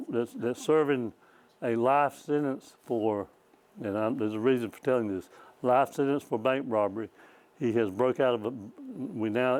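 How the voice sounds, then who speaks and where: An older man, once a state trooper, gives a rambling, folksy storytelling lecture at a small library, often repeating words and chuckling at his own stories. His voice is mid-range and a little mellow, on a low-quality recording.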